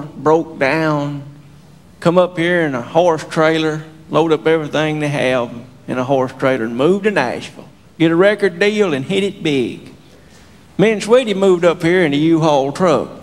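A man from Tennessee with a thick rural Southern accent, doing stand-up comedy in a slow deadpan country drawl. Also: on the high side. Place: live comedy stage. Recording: reverberant stage with audience laughter.

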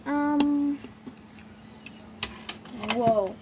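A woman narrating a toy doll shopping game in a chatty, halting way with plenty of fillers, on a noisy home recording. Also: high-pitched. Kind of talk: playful toy role-play narration.

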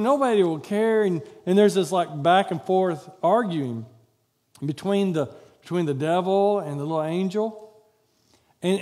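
A man's voice: high-pitched, darkish tone. A man giving a chatty children's sermon in a church, rambling and acting out quotes. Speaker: pastor. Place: church sanctuary.

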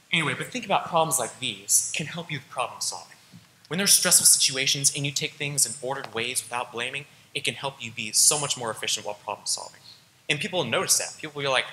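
A man's voice: mid-range voice, expressive, fast, sharp tone, echoey room, big-room sound, slight background noise, poor audio. A teenage boy giving an earnest, casual school presentation and talking straight to his audience. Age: teens. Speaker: student presenter. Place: school auditorium.

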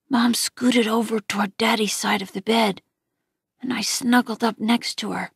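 A woman reading a first-person novel aloud in a quiet, gentle voice that often drops near a whisper. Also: a little high, fairly even intonation, moderate pace, vocal fry, breathy edge, dry recording, clean studio sound. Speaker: audiobook reader.

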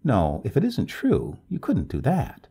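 A fretful, nosy neighbor woman pushes out warnings in a high, breathless falsetto, put on by a man reading aloud. The voice underneath stays gravelly and husky, and it swings widely from word to word. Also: wildly swooping pitch, measured pace, warm tone, full character voice. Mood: worried. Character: gossipy, anxious middle-aged woman neighbor.

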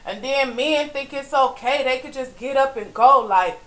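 A woman venting in a personal vlog, frustrated and preachy. She swings from weary low murmurs to loud, emphatic outbursts and keeps asking "you know what I'm saying?". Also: moderate pace, reverberant, low-quality recording. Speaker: vlogger. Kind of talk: impassioned personal vlog monologue.

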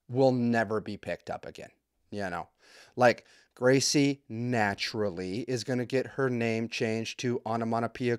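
A man hosting a podcast, telling a comedic story in a profane, rambling, joking way with quick asides. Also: mid-range voice, clean tone, no room sound, studio quality. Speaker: podcast host.

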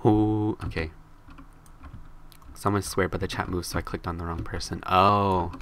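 A young male streamer chats playfully with viewers while playing. His voice sits low yet sounds bright and pushy. A faint hum of room noise and typing sits behind him. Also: steady tone, measured pace. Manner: playful, jokey, squeals high when scared in the game. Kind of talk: live game streaming commentary.

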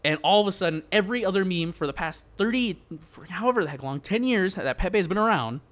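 A gaming YouTuber rants straight at his viewers, worked up and exasperated, in casual, slangy commentary. His high voice is expressive, bright, and fairly quick.

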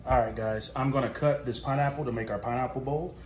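Here a man hosts a relaxed home-kitchen cooking vlog in a mid-range, steady voice at a quick pace, with a little background noise. He jokes casually and talks right to his audience while demonstrating.

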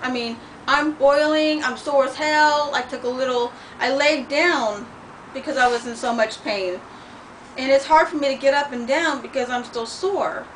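A high-pitched middle-aged woman rants in a home vlog, blunt and heavy on the swearing, sounding sore and worn. She sits back from the mic, and a faint hiss runs under her voice. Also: normal speed, a bit bright. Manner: blunt, profane, heated storytelling. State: sore and in pain, limping. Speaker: vlogger. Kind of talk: venting vlog rant. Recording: distant mic with faint noise.

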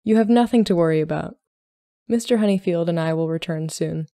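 A woman's voice: fairly low pitch, fairly quick, mellow, no room sound, clean studio sound, close to an everyday voice. A woman voicing a composed young Regency-era lady matchmaker, speaking mildly and politely. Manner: mild, poised and polite.

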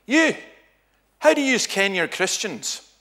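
A brash young Scotsman barks at a congregation in a high, loud and pushy voice, full of broad Scots words, as a man puts him on while telling a story. He sounds confrontational and restless, and he talks over everyone around him. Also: very animated, slow pace, exaggerated voice. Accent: Scottish. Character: brash young Scottish man heckling a church.

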